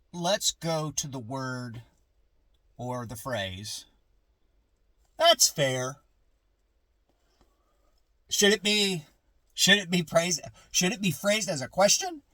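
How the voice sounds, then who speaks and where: A man's voice: on the high side, a bit bright, dry recording. A middle-aged man vlogging from a parked car in his garage, musing in a rambling, casual way with restarts and asides.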